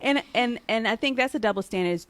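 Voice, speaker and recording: A woman in her thirties hosting a casual radio talk show, animated and playful, often slipping into mock scolding with laughter. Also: fairly high pitch, fairly quick, no echo. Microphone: studio mic.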